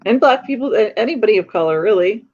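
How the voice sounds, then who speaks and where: A woman's voice: medium pitch, expressive, fast, darkish tone. A woman chatting casually and speaking her mind, often breaking into laughter. Her voice comes through a slightly dull, lo-fi recording. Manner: outspoken, laughs easily. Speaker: friend in the chat. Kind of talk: casual chat.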